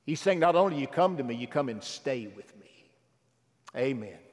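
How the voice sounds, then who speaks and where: A man preaching a sermon who swings from loud exhortation to hushed, intimate asides. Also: mid-range voice, lively intonation, moderate pace, long reverb tail.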